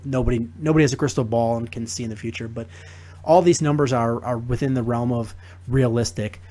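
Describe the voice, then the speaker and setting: Man, young adult, sports podcast host, casual chat, mid-pitched voice. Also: fairly quick. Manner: animated, laughs while telling stories.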